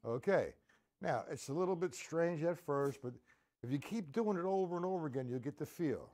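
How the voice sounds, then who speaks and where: A man's voice: on the high side, lively intonation, normal speed, very noisy. A man teaching a live-streamed drum lesson, counting beats aloud and checking in with his viewers. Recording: drum kit playing behind voice. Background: loud drum kit.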